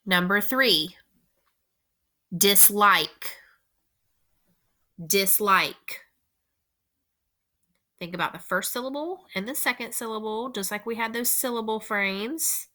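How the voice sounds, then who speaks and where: A woman teacher slowly dictating a spelling test to young students, repeating each word with careful, deliberate instructions. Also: on the high side, pushed and bright.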